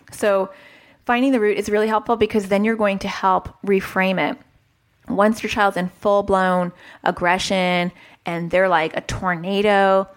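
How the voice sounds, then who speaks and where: A woman therapist and mother giving casual parenting advice, chatty, interrupting herself and acting out dialogues. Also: mid-range voice. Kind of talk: advice talk to camera.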